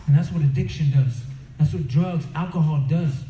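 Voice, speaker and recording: Man, storyteller and motivational speaker, conversational, fairly high mellow voice, echoey hall. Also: normal speed. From Crow Reservation, Montana. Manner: animated storyteller, acts out characters; conversational, full of "you know". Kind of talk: storytelling talk to youth. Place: event hall. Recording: roomy echoing venue, faint ambience.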